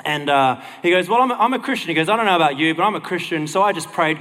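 A man telling a lively personal story in a casual way, acting out the people in it. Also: on the high side, quick pace, big-room sound. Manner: animated, acts out the people in his story.

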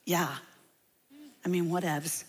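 A woman's voice: lowish voice, takes it slowly, heavy background noise. A woman voicing a bored, offhand young woman in a sermon story. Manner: flat, offhand. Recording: long hall reverb.

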